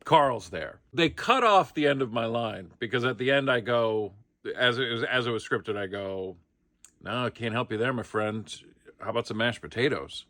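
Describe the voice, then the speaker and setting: A man's voice: medium pitch, expressive, moderate pace, pushed and bright, no echo, clean studio sound. A middle-aged man casually telling a comic behind-the-scenes story, acting out the quotes. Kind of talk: casual anecdote.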